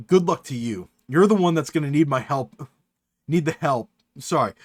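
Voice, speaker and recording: A streamer giving live reaction commentary, swearing casually and breaking into exasperated, high-pitched rants. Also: very animated, moderate pace, no echo, clean studio sound.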